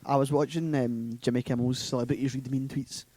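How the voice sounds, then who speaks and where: Joking man with a mellow voice. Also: mid-range voice, fairly even intonation, fairly quick, no room sound. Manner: laughs often, sarcastic asides. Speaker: podcast co-host. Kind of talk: casual chat.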